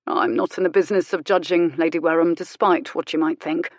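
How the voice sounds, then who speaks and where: A woman voicing a calm, dry-witted male country vicar who speaks mildly but bluntly. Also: low voice, brisk, no echo. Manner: mild, blunt, quietly commanding.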